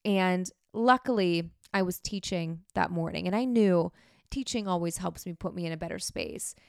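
A woman's voice: on the low side, moderate pace, creaky, clear, resonant tone, no echo, studio quality. A woman hosting a podcast, talking frankly and chattily about herself in a candid self-help monologue. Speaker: podcast host.

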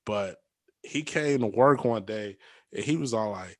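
Animated young man telling stories. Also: mid-range voice, unhurried, no echo. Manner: animated storyteller, acts out quotes, laughs often. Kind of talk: casual chat.

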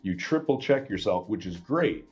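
A man guest on a podcast, telling a story in a casual, animated way and acting out the dialogue with many restarts. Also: lowish voice, normal speed, dull audio, soft background music.

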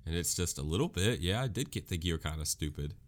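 A man's voice: low voice, animated, fast talker. A man co-hosting a casual chat, talking animatedly, acting out quoted voices and laughing often. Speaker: podcast co-host.

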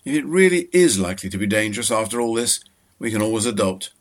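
A man's voice: fairly low pitch, big pitch swings, quick pace. A man playing a firm, reassuring fiancé. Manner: firm, reassuring and cheerfully bossy. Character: steady, devoted man reassuring his fiancée.

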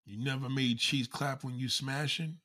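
A man's voice: mid-range voice, fairly even intonation, normal speed, sharp tone. A man giving a heated, mocking, profanity-filled comedic rant to his viewers. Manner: heated, mocking, swears constantly. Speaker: vlogger.

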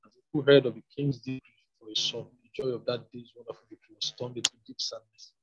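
A man reading a Bible passage aloud in a plain, steady way. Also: medium pitch, fast. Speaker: scripture reader. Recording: dull lo-fi recording.

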